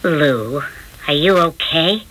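A woman's voice: sits low, expressive, slow, fairly bright tone, husky, exaggerated voice, low-quality recording. An actress playing a pickpocket's wife in her forties, in 1970s radio drama style. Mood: worried. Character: 40-year-old female pickpocket, charming wife.

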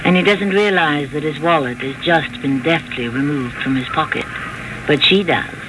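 A man hosting and narrating a radio mystery drama in a measured storytelling manner. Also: on the high side, background noise.

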